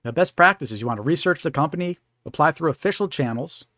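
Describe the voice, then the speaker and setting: Guy hosting a scam awareness livestream, kinda high voice, dry sound, keeps saying right?. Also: expressive, quick pace, fairly bright tone, dry recording. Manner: conversational, keeps asking "right?". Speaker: host. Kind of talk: live-stream scam awareness talk.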